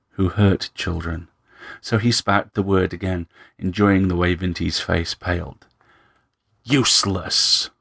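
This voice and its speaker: A man narrating a story in a measured, dry storytelling manner. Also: low voice, creaky, dry recording.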